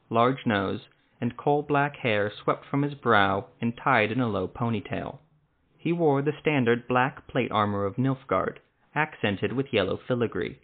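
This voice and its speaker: Male narrator, measured read, mid pitch, narrow phone-like audio. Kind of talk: story narration. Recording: tinny phone-like sound.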